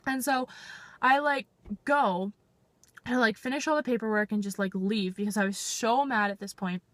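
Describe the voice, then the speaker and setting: A woman's voice: fairly high pitch, normal speed, no echo. A 19-year-old woman from Canada ranting in an exasperated storytime vlog, swearing and saying "like" constantly. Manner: exasperated, swearing, heavy use of "like". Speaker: vlogger. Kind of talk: storytime rant.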